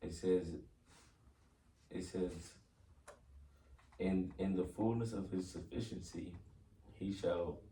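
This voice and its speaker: A man teaching from scripture, reading old-style verses in a measured, solemn way and then explaining them. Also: sits low, steady tone, dark tone. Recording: echoey room, distant mic, music behind.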